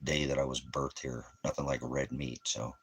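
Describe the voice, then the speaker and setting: Deep-voiced man, 50s, American, profane rambling rant. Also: level tone, normal speed, gravelly, husky. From United States. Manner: profane, ranting, loose and rambling. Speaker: channel host. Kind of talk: casual rambling monologue. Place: at home.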